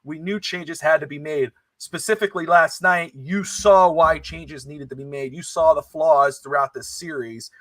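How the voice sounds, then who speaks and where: Male sports show host, high bright voice, animated and chatty, dry close mic. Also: moderate pace, hardly any pauses, no room sound. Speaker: podcast host. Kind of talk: casual sports talk show.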